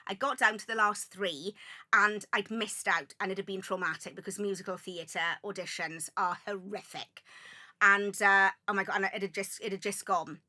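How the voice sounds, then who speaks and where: A Welsh woman in her forties, a podcast guest, telling lively stories with lots of exclamations. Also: mid-range voice, moderate pace. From South Wales. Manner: animated anecdotes full of exclamations. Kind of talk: casual chat, storytelling.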